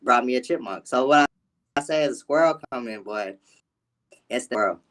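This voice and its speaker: A man with a mid-range voice co-hosts a live chat show, talking in a loose, unhurried way. He restarts his sentences often and uses easygoing grammar. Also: mid-range voice. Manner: relaxed and halting, with loose casual grammar. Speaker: co-host. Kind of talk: casual chat.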